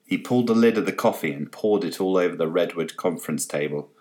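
A man's voice: low-pitched, fast talker. A man narrating a comic story aloud with expression. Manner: expressive, reads with many voices. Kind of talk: storybook reading.

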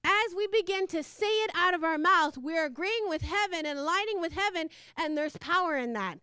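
A woman's voice: extremely high pitch, lively intonation, moderate pace, bright, forceful tone, no echo, clean studio sound. A woman preaching a fervent sermon, repeating phrases and laughing between lines.

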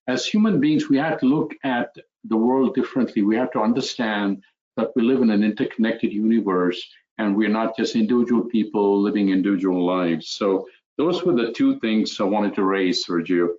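A man, a physician, speaking reflectively in an interview, with many pauses and fillers as he tells stories. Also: lowish voice, a little mellow, dull audio. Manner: hesitant, many fillers, storytelling. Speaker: physician guest.

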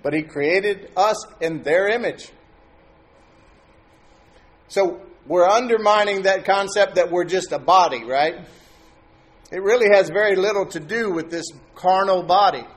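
A man's voice: sits high, measured pace, long pauses. A man preaching a sermon as pastor, talking to his congregation in a conversational way and asking them questions.

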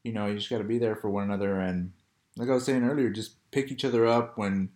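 A man's voice: lowish voice, fairly even intonation, fast, darkish tone. Laid-back young man with a drawl. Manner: laid-back, storytelling, laughs often. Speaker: podcast co-host. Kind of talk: casual chat. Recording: echoey room.

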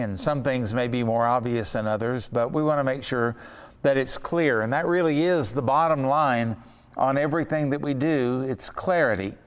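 Earnest male Bible teacher, smooth voice. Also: mid-range voice, in a large hall. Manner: earnest, slows down to stress key words. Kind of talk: Bible study lesson.

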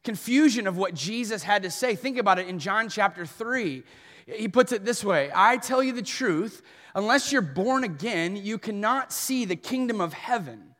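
A man's voice: high-pitched, expressive, normal speed, fairly bright tone. A man preaching a sermon as pastor, earnest and at times emphatic. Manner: earnest, rising to emphatic questions. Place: church hall. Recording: long hall reverb.

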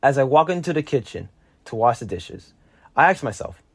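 A teenage boy reading a personal story aloud, lively and lifting his voice for his own quoted lines. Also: moderate pace, dry recording. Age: teens. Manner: lively, jumps higher when quoting his younger self. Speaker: narrator.

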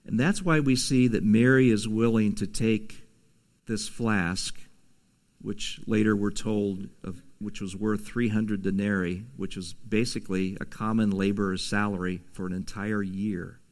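Male pastor, low gravelly voice, conversational sermon, casual asides. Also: steady tone, unhurried. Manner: conversational, with asides and soft laughs.

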